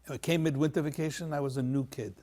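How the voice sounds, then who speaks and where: A man telling a heartfelt personal story on a panel, animated and repeating phrases as he acts out the people in it. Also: on the high side, quick pace. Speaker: panel guest.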